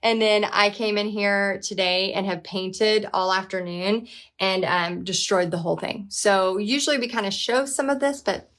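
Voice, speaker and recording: A woman hosts a casual live-stream painting class from her home art studio, chatty and upbeat, switching to a high baby voice when she talks to her dog. Her tone is steady and fairly bright, at a moderate pace.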